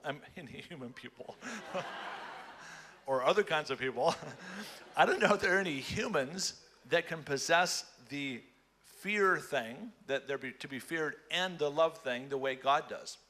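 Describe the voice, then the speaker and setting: Male speaker preaching at a conference, somewhat high and very bright voice, animated and playful, hammering phrases home. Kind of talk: lively conference sermon.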